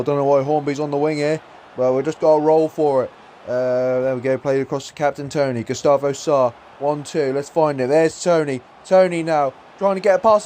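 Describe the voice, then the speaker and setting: A young man with a high voice calls his own football game match like a commentator. He drops into low, quick muttering during build-up play, then bursts into shouts at goals and saves. A faint hiss of noise sits under the recording. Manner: swings between muttered play-by-play and shouted excitement. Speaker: gaming YouTuber.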